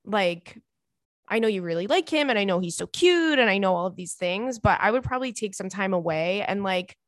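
A woman's voice: mid-range voice, no echo, studio quality. A young woman hosting a podcast, giving listeners frank, casual advice and swearing freely. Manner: blunt, candid, swears freely. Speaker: podcast host.

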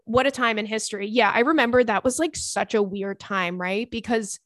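A young woman hosts a podcast, chatting casually and reading listener messages with profane, animated asides and quick put-on voices. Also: a little high, no room sound, studio quality. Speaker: podcast host.

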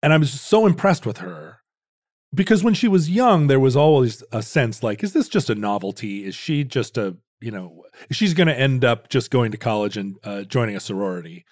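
A man's voice: mid-range voice, sing-song, moderate pace, a little mellow, dry recording, studio quality. Man bantering on a podcast. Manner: conversational, playful banter. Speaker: podcast co-host. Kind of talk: casual chat.

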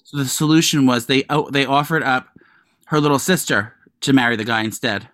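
A man co-hosting a casual podcast, gossiping and swearing as he tells wild stories. His voice sits at a middle pitch and sounds dry and close. He keeps his retellings animated. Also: brisk, no echo. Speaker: podcast co-host.

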